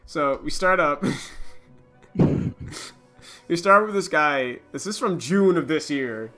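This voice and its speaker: A man's voice: on the high side, takes it slowly, soft background music. A man hosting a casual stream, reading silly forum comments aloud with mocking laughs. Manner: laughs a lot, mocking and animated. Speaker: stream host.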